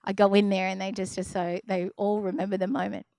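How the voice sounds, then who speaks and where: A young adult woman telling a personal story to an audience in a lively, expressive way. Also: vocal fry, dry recording. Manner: lively, acts out others' voices in a higher pitch; quieter and slower when describing the deep experience. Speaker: speaker sharing a personal story.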